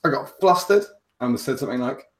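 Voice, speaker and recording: A man's voice: medium pitch, animated, brisk. Rambling, self-mocking male host. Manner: chatty, rambling and self-mocking with frequent restarts. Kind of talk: casual livestream chat.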